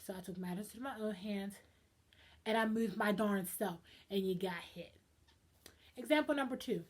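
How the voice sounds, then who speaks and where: A young woman ranting in a casual vlog, dramatic and animated, swinging between loud outbursts and hushed asides. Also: medium pitch, moderate pace. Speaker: vlogger.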